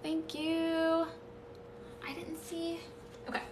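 A woman's voice: extremely high pitch, completely flat delivery, slow, darkish tone, distant mic, a little hiss or hum. A woman hosting a casual live stream, chatting with viewers and thanking them, with playful nervous laughs. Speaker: livestream host. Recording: echoey room, voice off-mic.

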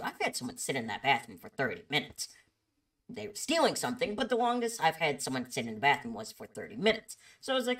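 A woman with a low voice that swings widely in pitch, telling a story to camera. She chats along and keeps checking in with "okay?". The mic sits a little distant. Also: fairly bright tone. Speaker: vlogger. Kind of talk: storytime monologue.

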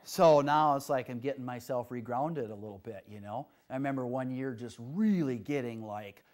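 A young adult man lectures a class in a loose, conversational way, full of "you know" and "like". He gets animated, jumping into high, giddy put-on voices for effect before settling back into his own middle-pitched voice. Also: moderate pace. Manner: rambling with many fillers. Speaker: herbalist teaching a class.

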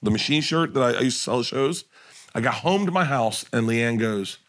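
A male comedian guest in a casual podcast chat, telling animated, rambling anecdotes full of restarts and laughs. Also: mid-range voice, a little fast.

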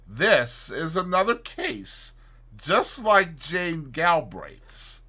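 A man voicing a coarse, sinister young doctor who talks in a low, cold and measured way. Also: huge pitch swings, pushed and bright, husky, exaggerated voice. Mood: coaxing.

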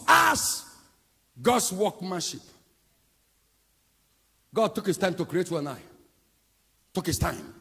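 A Nigerian man preaches fervently in a large church hall, his voice high-pitched, raspy and swinging widely as he shouts and half-sings his lines. The sound is gravelly, with a long echo and soft music underneath. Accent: Nigerian English. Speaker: pastor. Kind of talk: sermon. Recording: echoey hall with music behind.

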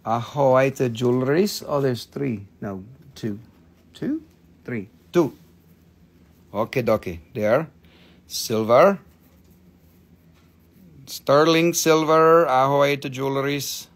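In a mid-range voice, a man takes his time and pauses often while hosting a relaxed, chatty live crystal sale. He curses freely and reads aloud comments from viewers, stopping to count and name the items he shows.

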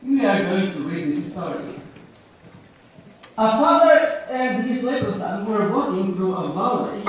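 A man's voice: high-pitched, a little hiss or hum. A man from the Philippines with a Filipino accent, preaching a sermon that tells a story and asks his congregation questions. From Philippines, Ilocos Norte. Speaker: pastor. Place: church in Canada. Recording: echoey church hall, distant mic.

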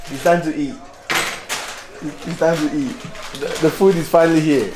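A man's voice: fairly high pitch, steady tone, moderate pace, long pauses, a little mellow. A man vlogging casually from a hotel room, rambling and laughing as he talks. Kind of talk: casual vlog chat. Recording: echoey room with faint noise.

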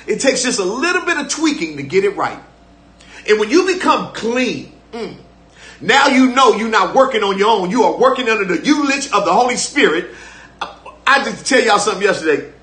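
Older male pastor, ringing bright tone, preaching fervently with call-and-response. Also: sits high, big pitch swings, fairly quick, echoey room. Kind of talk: live-streamed sermon.

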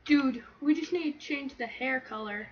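A young let's play host with a high-sitting voice and moderate pace cracks crude jokes and giggles through casual banter with a friend over gameplay, swearing often. The recording is dull and lo-fi, with faint hiss.

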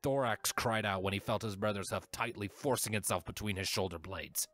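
A man narrating a fan-written story aloud, reading with steady, expressive storytelling. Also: fairly low pitch, fairly quick. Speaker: fanfiction reader. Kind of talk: audiobook-style story narration. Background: faint music.

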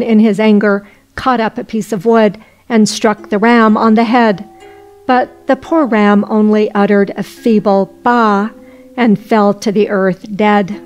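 A woman narrating an old folk tale in a measured, old-fashioned storytelling style. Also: mid-range voice, a little mellow.

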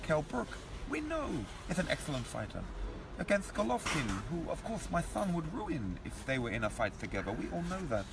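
A man's voice: a little high, sing-song, a little fast, gravelly, a crowd in the background. A man doing a comic impression of a pompous male boxing veteran who speaks in a stilted, formal way with an affected posh English accent and no contractions.

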